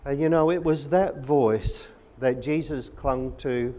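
Slow, earnest male preacher. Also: medium pitch, mellow. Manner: earnest, measured and emphatic. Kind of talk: sermon.

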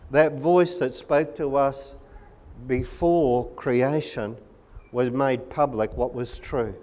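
Slow, earnest male preacher. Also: mid-range voice, a little mellow. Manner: earnest, measured and emphatic. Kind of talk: sermon.

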